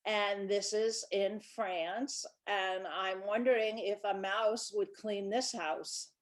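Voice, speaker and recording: A woman in her sixties, a children's book author, chatting through stories from her life in a relaxed presentation. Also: medium pitch, takes it slowly. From Brooklyn, New York. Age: 60s. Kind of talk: casual storytelling presentation.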